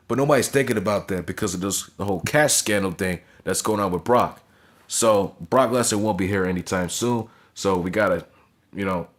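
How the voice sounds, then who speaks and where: A young man reviewing a wrestling show in a blunt, profane casual rant, often asking "you understand?". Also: fairly low pitch.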